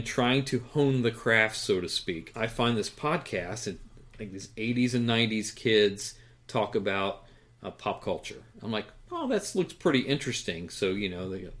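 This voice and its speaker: A man's voice: on the low side, normal speed, fairly bright tone. A man co-hosting a podcast in casual chat, rambling with many fillers and chuckles. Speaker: podcast co-host.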